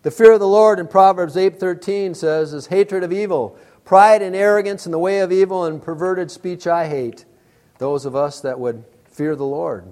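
A middle-aged male pastor preaching a sermon, telling stories with acted-out exclamations. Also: high voice. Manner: storytelling, animated with acted-out exclamations.

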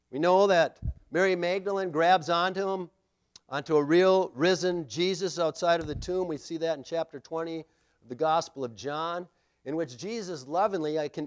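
A man preaching a sermon, acting out scripture passages and swinging between loud declarations and hushed asides. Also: fairly high pitch. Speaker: pastor.

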